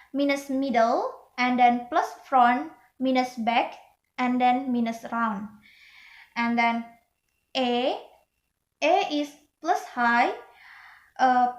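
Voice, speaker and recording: A woman's voice: sits high, echoey room, highs cut off. A young woman from Indonesia giving a student class presentation, hesitant, with many fillers and restarts. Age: young adult.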